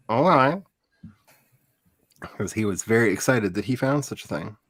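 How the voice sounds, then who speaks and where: Laughing animated man telling stories. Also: lowish voice, unhurried, no room sound. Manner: animated storyteller, laughs often, acts out quotes. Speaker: host. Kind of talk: casual chat.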